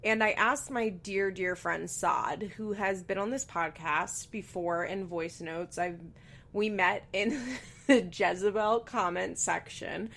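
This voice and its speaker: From her bedroom at home, a podcast host chats candidly, swearing and going off on frequent asides, while a fan runs in the background. Her mid-range voice is gravelly and a bit bright, with a steady tone and a slow pace.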